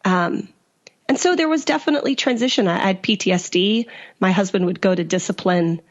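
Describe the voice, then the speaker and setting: A woman's voice: mid-range voice, highs cut off. A woman guest in an interview, earnestly recounting her own story and laughing easily between thoughts. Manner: earnest, quick to laugh, quotes others in lively bursts. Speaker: guest, author and survivor.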